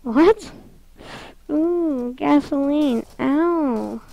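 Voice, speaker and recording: A woman giving casual, excitable gameplay commentary, giggling and talking to the game as she plays. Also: sits high, drawn-out words, creaky, low-quality recording.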